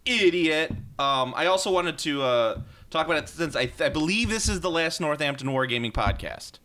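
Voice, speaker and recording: A man's voice: a little high, animated, a little fast, sharp tone. An American man co-hosting a casual podcast, rambling with lots of fillers and restarts, laughing often. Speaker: podcast co-host.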